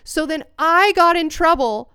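A woman's voice: very high voice, unhurried, sharp tone, no echo, clean studio sound. A young woman co-hosting a podcast, telling rambling stories in casual chat and swearing freely. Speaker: podcast co-host.

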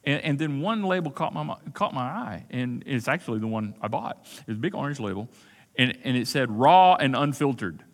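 A man's voice: medium pitch, fairly quick, fairly bright tone. A man preaching a sermon as pastor, conversational and emphatic, repeating key phrases and acting out quoted asides. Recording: long hall reverb.

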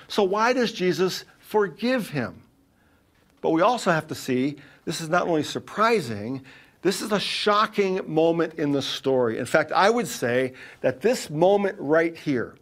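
A middle-aged man preaching a sermon in an earnest way, with dramatic pauses and shifts between loud and quiet. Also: a little high. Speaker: pastor.

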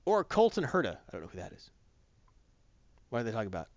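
Male podcast reviewer, high and very animated, blunt and profane; dry, muffled sound. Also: fast talker, dry recording. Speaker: comic book reviewer. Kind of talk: casual opinionated review chat. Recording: dull dry close-mic sound.

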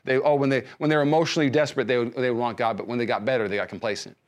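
Male pastor, sermon, quick delivery, mid pitch, hushed lulls and loud fervent swells. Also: fairly even intonation. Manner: swings from quiet, slow passages to loud, high, fervent bursts, acting out prayers; frequent repeated words and restarts.

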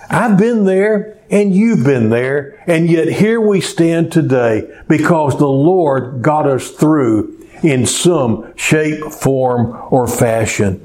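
Male preacher, unhurried sermon delivery, warm low timbre, deliberate pauses. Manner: slow, deliberate storytelling with pauses.

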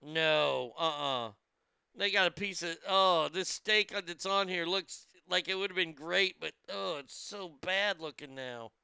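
A man's voice: sits high, a little slow, vocal fry, pushed and bright, clean tone, no echo, clean studio sound. A man hosting a crude comedic news commentary, brash and profane, mocking the stories he reads. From United States.

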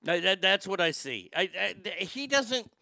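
A man's voice: high-pitched, big pitch swings, moderate pace, creaky, bright, forceful tone, dry recording. A man hosting a comedy show, delivering a crude, rambling monologue. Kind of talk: stand-up style comic monologue.

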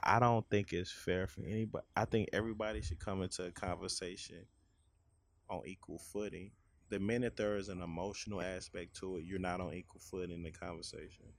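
A man's voice: deep voice, fairly even intonation, brisk. A man, sharing his opinions frankly in a casual conversation. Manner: frank, opinionated, explains his view at length.

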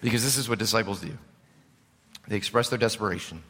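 A man preaching a sermon as a pastor, impassioned, swinging between loud and hushed. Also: lowish voice, fast. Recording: preached in a reverberant hall.

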